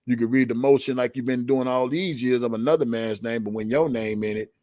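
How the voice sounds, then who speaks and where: A man with a mid-range, darkish voice talks fairly quickly with fairly even intonation, recorded clean in a studio with no room sound. Hosting a livestream show, he delivers a heated rant of blunt, profane, confrontational commentary, repeating key words for emphasis.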